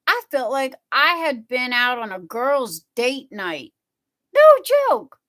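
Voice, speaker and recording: Slow rambling woman chatting with viewers. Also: high voice, very animated, bright, forceful tone. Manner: rambling, chatty, reads viewer comments aloud; repeats "you know" a lot. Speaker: livestream host. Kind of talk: casual chat with live viewers.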